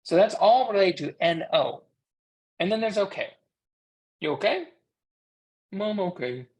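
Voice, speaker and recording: An American-accented interpreter speaks for a sign language instructor during a class lecture, in an animated mid-range voice at a moderate pace. The delivery is conversational, posing rhetorical questions to students.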